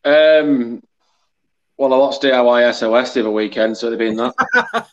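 A man co-hosting a podcast over a phone, chatting in a quick, offhand, joking way. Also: medium pitch, lively intonation. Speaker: podcast co-host. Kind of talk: casual chat. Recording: dull lo-fi phone audio.

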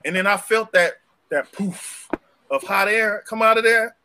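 A young man tells stories in slangy, loose chat. He jumps up in pitch for each punchline, and his voice sits a little high and sounds very bright and forceful. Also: a little slow, slight background noise. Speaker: podcast co-host. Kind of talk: casual storytelling chat.

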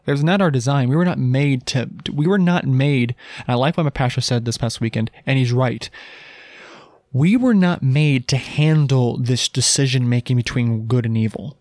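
A man talks through a casual Christian teaching monologue as a podcast host, pressing his point with rhetorical questions and frequent restarts. His voice sits at a middle pitch and sounds close and dry, with no room echo. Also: normal speed, a little mellow.

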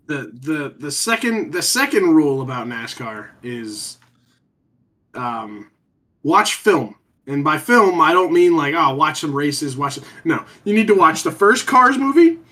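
A man's voice: on the high side, very animated, unhurried, bright, forceful tone. A man telling a long rambling story in a casual podcast chat, swearing freely and trailing off with ums.

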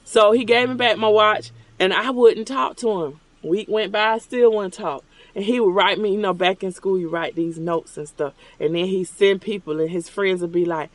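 High-voiced man telling rambling stories. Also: normal speed, fairly bright tone. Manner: rambling, conversational, acts out remembered dialogue. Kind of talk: casual storytelling while ordering at a drive-thru. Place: car at a drive-thru.

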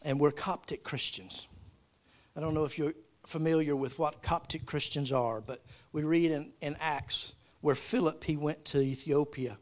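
Pastor guy preaching, kinda high voice, goes from calm storytelling to fired-up emphasis. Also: moderate pace, few pauses. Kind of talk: sermon.

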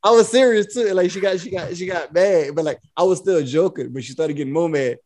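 A man, co-hosting a casual podcast and telling an animated story, switching into a slow, bossy voice when he quotes himself. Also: high voice. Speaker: podcast co-host.

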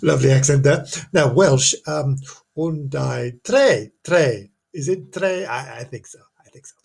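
Husky, rambling man hosting a podcast. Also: mid-range voice, moderate pace, a little mellow. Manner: chatty, self-mocking, stumbles and repeats words. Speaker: podcast host. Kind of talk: rambling, jokey ghost-story podcast.

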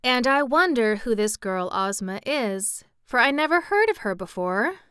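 A woman's voice: a little high, big pitch swings, unhurried, fairly bright tone, smooth, no room sound, clean studio sound, voice pushed up. A woman voicing an eager, earnest young girl in a storybook reading, talking in an insistent way.

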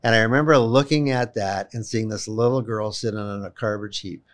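Brief: man, guest storyteller, animated and emphatic, voice on the low side. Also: a little fast. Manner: animated, emphatic storyteller, repeats words when worked up. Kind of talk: personal storytelling in a conversation.

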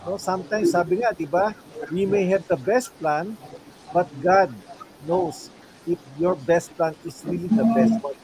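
A Filipino man with a high voice talks earnestly as an interview guest. He shares personal lessons and checks in with his listeners as he goes. Faint noise sits under his voice. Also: normal speed. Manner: earnest, with frequent tag questions. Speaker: guest mentor. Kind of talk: reflective sharing in an interview.

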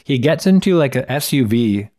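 A man's voice: mid-range voice, animated, normal speed, mellow. A man co-hosting a casual podcast, wryly summing up reviews and a plot with lots of filler words. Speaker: podcast co-host.

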